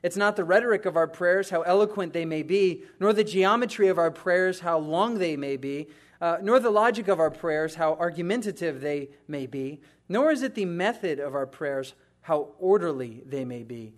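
A pastor preaching a conversational sermon, moving between hushed, intimate passages and emphatic, rising ones. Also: male voice, a little high, lively intonation, moderate pace.

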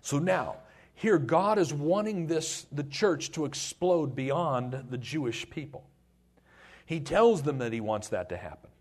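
Animated husky male preacher. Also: a little high, unhurried. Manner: lively storytelling, acting out voices. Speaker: pastor. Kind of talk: sermon.

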